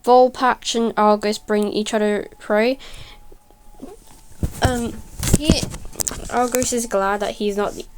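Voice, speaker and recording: A woman casually narrating a speedpaint video, halting and stuttering, correcting herself as she goes, and sounding tired. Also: fairly high pitch, steady tone, slight background noise. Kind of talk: casual voice-over storytelling.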